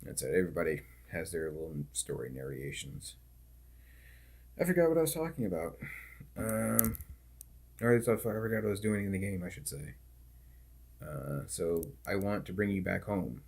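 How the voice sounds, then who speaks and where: Low husky laid-back man. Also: lively intonation, normal speed, pauses often, darkish tone. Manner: laid-back, loose talk full of "like" and "dude". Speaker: gaming streamer. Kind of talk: casual rambling chat while playing a game.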